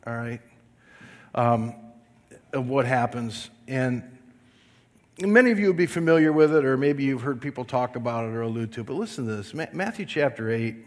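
A man preaching a sermon, slow and emphatic, calling on the congregation to repeat lines after him. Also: mid-range voice, animated. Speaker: pastor. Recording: long reverb of a large hall.

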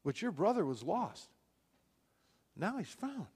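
A man's voice: sits high, sing-song, slow, a little mellow, husky. A pastor preaches in a slightly raised voice, telling the story in everyday words and voicing each character. His voice rings on in a large reverberant hall. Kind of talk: sermon.

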